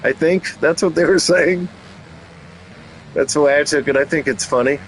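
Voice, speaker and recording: With a slightly high voice at normal speed, a male channel host delivers playful race play-by-play, breaking it up with teasing jokes. Slight background noise sits under the low-quality audio.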